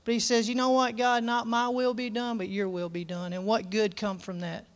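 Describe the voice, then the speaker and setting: A man's voice: high-pitched, flat delivery, normal speed. A man preaching a sermon in a church service, folksy and earnest, reading scripture aloud with emphasis.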